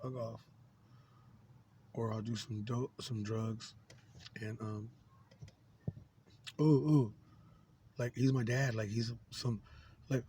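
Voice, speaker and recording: A man in his forties vents to camera in an unscripted monologue, swearing freely and stumbling through fillers and restarts. His voice sits at an ordinary male pitch. A faint background noise runs under him. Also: flat delivery, slow, long pauses, dark tone. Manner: angry, profane, rambling with many fillers. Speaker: vlogger.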